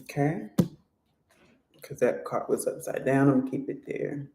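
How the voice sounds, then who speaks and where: A tarot reader in a casual reading, chatty and quick to laugh, often slipping into little acted-out voices. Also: mid-range voice, expressive, heavy background noise. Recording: roomy echo.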